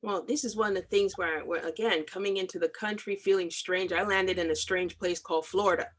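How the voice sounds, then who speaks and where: A woman's voice: on the low side, fairly even intonation, fairly quick. Emphatic middle-aged woman comics artist. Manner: emphatic, impassioned, repetitive for stress. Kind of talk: video call interview.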